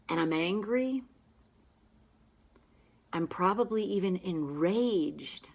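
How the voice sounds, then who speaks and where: Woman slowly leading a tapping session. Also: fairly low pitch. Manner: slow, emphatic affirmations. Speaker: tapping practitioner.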